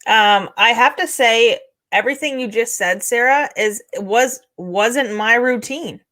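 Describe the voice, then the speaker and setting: Woman podcast co-host, fairly high voice, steady explanatory motivational delivery. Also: a little slow. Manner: steady, explanatory, many "right?" tags. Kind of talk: casual motivational chat.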